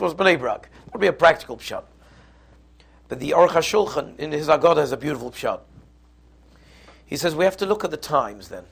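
Gravelly, husky man giving a Torah talk. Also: a little high. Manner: explanatory, mixes Hebrew and Yiddish terms, frequent restarts. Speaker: rabbi teaching a Passover class. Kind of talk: Torah lecture.

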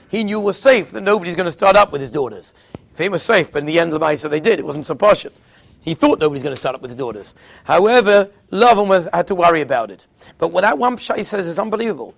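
A man giving a Torah class as a rabbi, telling stories and acting out the people he quotes, often repeating and restarting phrases. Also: gravelly. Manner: storytelling, acting out quoted speakers with sudden pitch jumps.

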